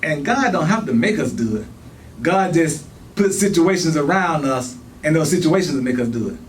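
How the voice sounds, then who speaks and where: A man preaching a sermon in church, talking fast and repeating phrases for emphasis. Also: a little high, animated, recorded from a distance, a little hiss or hum, low-quality recording. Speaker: pastor.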